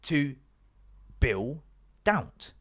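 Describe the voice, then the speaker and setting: A man hosting a podcast, telling a story as an animated, exasperated comedic rant and swearing freely. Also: medium pitch, drawn-out words, breathy edge. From Britain. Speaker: podcast host.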